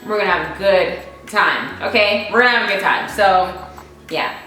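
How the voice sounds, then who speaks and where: Young female vlogger, casual and emphatic, bright voice, faint music under a very echoey room. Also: mid-range voice, animated, normal speed, distant mic. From United States. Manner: chatty and emphatic, repeats points for stress. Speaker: vlogger answering viewer questions. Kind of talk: casual Q&A chat.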